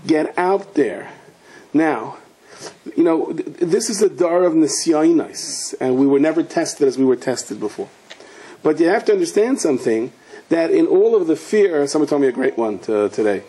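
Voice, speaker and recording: A man's voice: on the high side, lively intonation, normal speed, dark tone, slightly rough. A man, a rabbi, giving a sermon in a storytelling way, asking questions and mixing in Hebrew and Yiddish words.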